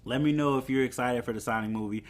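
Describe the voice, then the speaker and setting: A man's voice: medium pitch, fast. A young man hosting a solo podcast, chatting casually about movie news with fillers and chuckles. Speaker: podcast host.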